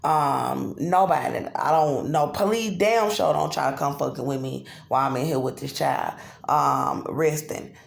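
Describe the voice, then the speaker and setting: A woman's voice: low voice, measured pace, creaky. Agitated, profane woman ranting in an echoey motel room. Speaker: vlogger. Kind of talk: angry self-filmed monologue. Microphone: phone camera.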